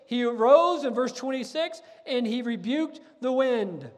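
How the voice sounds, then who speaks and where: A man, a pastor, preaching a sermon and reading scripture aloud, talking in an earnest, animated way with frequent restarts. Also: very high voice, a little slow, in a large hall.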